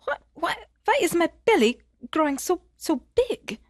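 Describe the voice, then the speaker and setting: A woman voicing a young maiden in a tower, speaking in a high, soft, wondering voice. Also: very animated, a little slow, no echo, clean studio sound, full character voice. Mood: puzzled.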